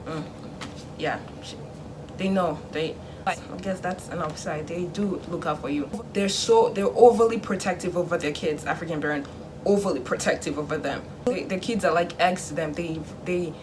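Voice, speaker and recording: A woman's voice: lowish voice, moderate pace, noisy background. Young woman chatting animatedly to camera. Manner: animated, acts out parents' lines in a hushed voice. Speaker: vlogger. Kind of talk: casual chat to camera.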